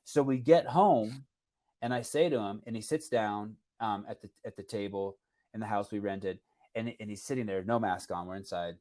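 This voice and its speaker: Animated, rambling man. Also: on the low side, normal speed. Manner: animated, rambling with restarts and fillers. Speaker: podcast host. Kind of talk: casual storytelling chat.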